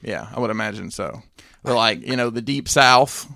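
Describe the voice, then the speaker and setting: A man co-hosting a podcast in relaxed chat. His voice has a gravelly edge and sits at an average pitch. He rambles, restarts and drops his voice low for asides, and the sound is dry and close. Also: normal speed, no echo. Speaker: podcast co-host. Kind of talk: casual chat.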